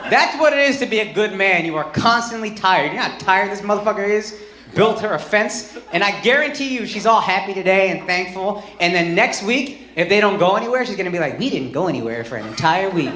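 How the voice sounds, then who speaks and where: Male stand-up comedian, high voice, brash and profane, roomy club, crowd laughing. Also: lively intonation, brisk, slight background noise. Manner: brash, profane, swings from mock outrage to shouting. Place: comedy club stage with a live audience.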